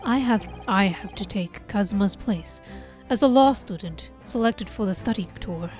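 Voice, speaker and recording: A woman's voice: medium pitch, lively intonation, moderate pace, darkish tone, soft background music, voice pushed down, natural voice. A woman reading the lines of a nervous young male law student, hesitant and stammering.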